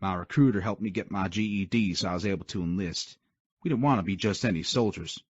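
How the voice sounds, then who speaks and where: A man's voice: deep voice, quick pace, no room sound. A man narrating a romance audiobook in the first person, gritty and full of swearing. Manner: gritty, profane storytelling. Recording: dull dry lo-fi recording.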